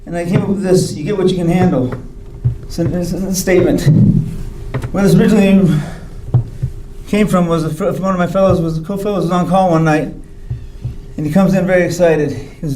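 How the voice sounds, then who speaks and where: A man's voice: high voice, mellow, echoey room, a little hiss or hum, rough recording. A man giving a hospital grand rounds talk, telling his own story candidly and wryly, acting out the people he quotes. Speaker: physician speaker. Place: hospital lecture hall.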